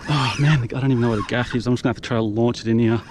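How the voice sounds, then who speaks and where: Rapid-fire and medium-pitched, a young man commentates live on his own kayak fishing, whooping with breathless, exuberant excitement. The action-camera recording was made outdoors and carries background noise.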